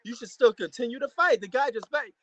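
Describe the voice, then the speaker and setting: Excitable high-voiced man reacting to a fight. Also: fast talker, no room sound. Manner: excitable, repeats himself, slangy. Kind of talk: casual live reaction commentary.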